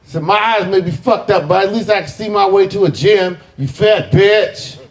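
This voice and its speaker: A man's voice: high voice, fairly quick, vocal fry. A man from the South, doing a stand-up comedy set with a brash, profane, punchy delivery. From American South. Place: live comedy venue with audience.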